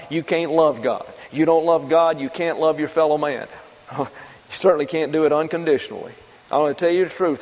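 A man preaching in a folksy, conversational way, tossing out rhetorical questions and answering them himself. His voice sits a bit higher than most men's. It carries through a hall with a long reverb tail. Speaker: pastor. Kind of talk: sermon.

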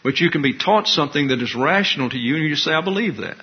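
A man's voice: fairly high pitch, animated, quick pace, a little hiss or hum. A man pastor giving an expository sermon, teaching in a wry, conversational way with asides. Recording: dull lo-fi recording.

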